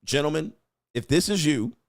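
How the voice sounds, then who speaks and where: This commentary channel host has a slightly high voice with lively intonation and a moderate pace. Reacting to clips, he laughs a lot while ridiculing and lecturing the people in them, all captured in clean, echo-free studio audio.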